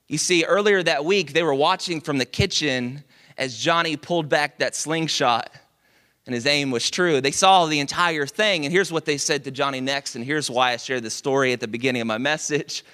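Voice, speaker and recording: A man preaching a sermon, telling a story in a lively, conversational way with dramatic pauses. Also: a little high. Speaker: pastor.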